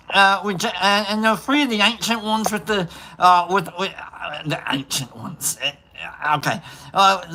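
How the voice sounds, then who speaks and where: A livestream host chatting casually and reading out viewer names, rambling and halting with many fillers and restarts. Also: mid-range voice, bright, forceful tone.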